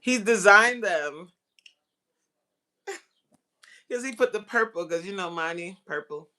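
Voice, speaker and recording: A woman coaching on relationships in a casual live-stream chat, excitable and talking straight to her viewers as y'all. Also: mid-range voice, slow.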